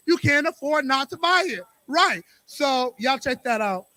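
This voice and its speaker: A young man, the featured poet at an open mic, hyping the crowd loudly and then delivering a rhythmic, rapid spoken word poem. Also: very high voice, no echo.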